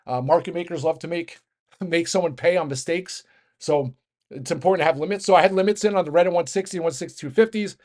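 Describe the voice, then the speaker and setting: A man giving a fast, rambling casual market rant as host, with many restarts and fillers. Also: fairly high pitch, darkish tone. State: out of breath. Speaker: market commentator.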